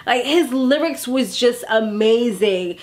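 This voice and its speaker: A woman in her thirties casually recapping a TV episode in a chatty, animated way, acting out characters' lines as she goes. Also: on the high side, slow pace. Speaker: TV recap vlogger. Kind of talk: casual chat.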